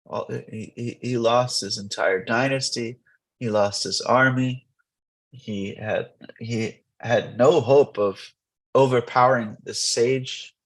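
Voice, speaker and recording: Husky man telling a temple story. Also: medium pitch, slow, poor audio. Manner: animated, rambling with restarts. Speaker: temple class teacher. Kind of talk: lively storytelling scripture class.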